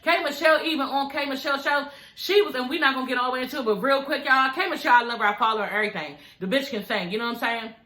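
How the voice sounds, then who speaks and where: A young woman vlogger recaps a reality show in a high, bright voice, gossiping and cursing casually as she talks to her viewers. Her voice bounces around a roomy, echoey space. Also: very fast, few pauses. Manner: gossipy, animated, swears freely, addresses viewers as y'all.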